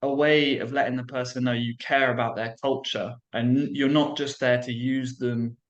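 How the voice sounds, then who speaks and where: A man's voice: medium pitch, level tone, moderate pace, muffled recording. A British man hosting a casual chat about languages, talking in a loose, chatty way. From Britain. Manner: chatty, many likes and restarts. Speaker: language coach and host.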